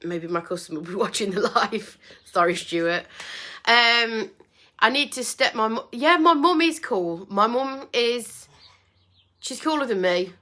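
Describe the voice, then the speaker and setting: A woman chatting on a casual livestream from home, her voice bright and forward. She rambles in a friendly, self-deprecating way and fills her pauses with ums. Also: a little high, expressive. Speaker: furniture painter and livestream host. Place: home with doors open.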